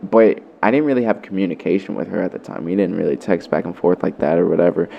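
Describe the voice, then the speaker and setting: A man's voice: low voice, fast talker, vocal fry, highs cut off, a little hiss or hum. A young man vlogger telling a story in a loose, profane way, full of fillers. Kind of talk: casual storytelling.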